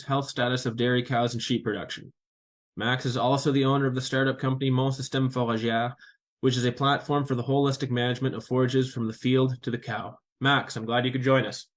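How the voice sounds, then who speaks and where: A man in his thirties hosting a farming podcast, reading a smooth intro and then chatting with a guest. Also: mid-range voice, poor audio. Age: 30s. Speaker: podcast host. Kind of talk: scripted intro, then casual interview.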